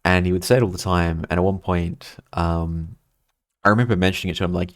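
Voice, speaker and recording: Australian male streamer, low voice, chatty and rambling, dry close sound. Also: little pitch movement, brisk, dry recording. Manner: rambling, chatty, reads chat aloud. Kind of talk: casual chat while gaming.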